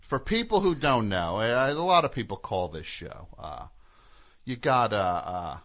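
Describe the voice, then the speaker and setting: A man's voice: mid-range voice, normal speed. A man hosting a call-in comedy radio show, bantering casually and slipping into exaggerated impressions. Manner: animated, jokey, slips into exaggerated impressions.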